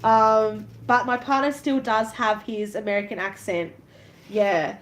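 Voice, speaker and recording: Slow-talking, giggly Australian woman. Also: medium pitch, fairly even intonation, fairly bright tone. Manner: chatty, giggly, self-conscious. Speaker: live-stream vlogger. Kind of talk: casual chat while crafting.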